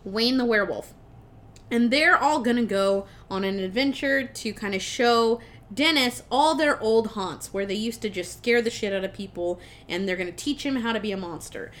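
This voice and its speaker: A young adult woman co-hosting a podcast casually recaps a movie plot, animated, swearing freely, and laughing as she retells it. Her voice is a little high and her pace moderate.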